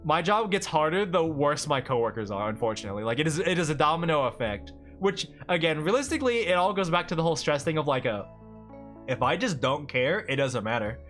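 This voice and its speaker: A man's voice: fairly high pitch, expressive, a little fast, a bit bright, faint music behind. A man chatting casually on a livestream as a streamer, rambling and talking a lot, often laughing between thoughts.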